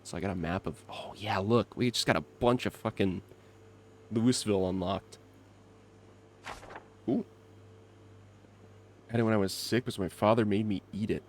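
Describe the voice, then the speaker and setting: A man's voice: on the low side, moderate pace, pauses often, slight background noise. A young man chatting casually with his livestream chat while gaming, laughing often and reacting to comments. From not from Kentucky. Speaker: streamer.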